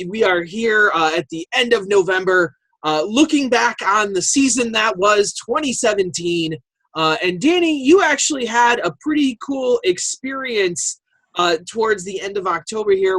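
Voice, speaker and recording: A man's voice: sits high, bright, forceful tone, dry recording, poor audio. A man from the United States co-hosting a podcast, playful and jokey in casual chat. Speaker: podcast co-host.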